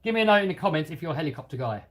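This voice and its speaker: A man's voice: fairly high pitch, big pitch swings, rapid-fire, fairly bright tone. A man with a light London-area English accent, chatting casually and self-deprecatingly as he hosts a live stream and answers viewer comments. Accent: London-area English, lightly Cockney. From England. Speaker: host of a hobby channel live stream.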